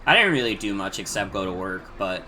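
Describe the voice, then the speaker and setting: A man's voice: deep voice, big pitch swings, a little fast, pushed and bright. A man streaming a retro game, chatting casually with lots of filler words and cursing. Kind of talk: casual gameplay commentary.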